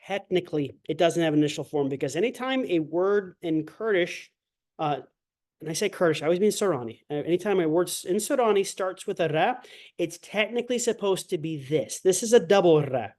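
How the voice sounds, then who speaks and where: A man's voice: high-pitched, lively intonation, fairly quick, darkish tone. Chatty man teaching a language class. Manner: chatty, digressive, uses many fillers; demonstrates sounds by exaggerated voicing. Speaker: language instructor. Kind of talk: online language lecture.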